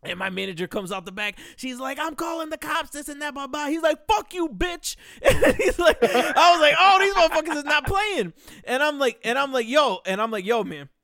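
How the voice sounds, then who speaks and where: A young man telling a story on a podcast, animated and profane, acting out the quotes loudly. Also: very high voice, brisk, vocal fry, no room sound, clean studio sound. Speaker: podcast host. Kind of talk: casual storytelling.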